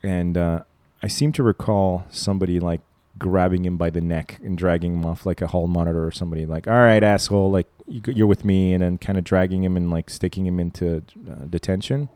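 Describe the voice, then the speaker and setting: A man's voice: low-pitched, little pitch movement, a little fast, few pauses, mellow, no room sound. A man chatting on a podcast in a studio, telling jokey stories. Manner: storytelling, jokey, slips into put-on voices. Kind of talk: casual chat. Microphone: studio mic.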